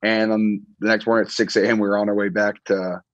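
A man's voice: little pitch movement, fast, no room sound. A young man in his twenties, casually chatting as a podcast host in a laid-back, rambling way with plenty of ums. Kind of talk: casual chat. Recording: muffled low-fidelity audio.

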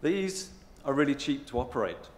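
A man delivers a rehearsed pitch, stressing key words slowly and deliberately. His voice is mid-pitched and echoes through a big hotel hall. A long reverb follows each phrase. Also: very animated, slight background noise. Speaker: presenter.

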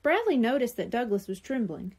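Library storyteller, female, mellow tone, lively and expressive read-aloud. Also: fairly high pitch, a little fast, breathy edge. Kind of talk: reading a children's book aloud.

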